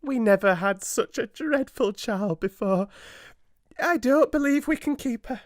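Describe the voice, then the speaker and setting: A man's voice: very high-pitched, expressive, unhurried, no echo, studio quality, pitched above the performer's own voice. A man voicing a flustered plump middle-aged schoolmistress who swings between coaxing and scolding. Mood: dismayed.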